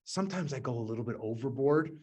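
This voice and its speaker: A man's voice: medium pitch, animated, quick pace, a little mellow, breathy edge. A man hosting a live leadership coaching session, telling stories in a direct, emphatic way and repeating key words.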